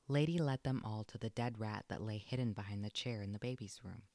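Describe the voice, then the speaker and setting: A man narrating a children's storybook aloud in an expressive, lilting read. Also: lowish voice, fairly quick, dry recording.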